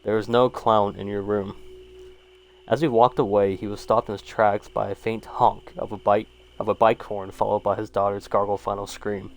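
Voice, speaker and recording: A man's voice: fairly low pitch, flat delivery, a little fast, hardly any pauses, a little hiss or hum. A man casually reading short horror stories aloud and rambling about each one, with lots of fillers and swearing. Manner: rambling, laid-back, swears, frequent fillers.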